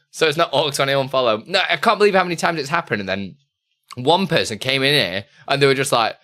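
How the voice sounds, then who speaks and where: A man hosting a casual live stream, talking loosely and laughing between chat questions. His voice is bright and forward. His pitch swings widely as he talks. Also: expressive, moderate pace. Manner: chatty and loose, reads chat aloud, laughs often.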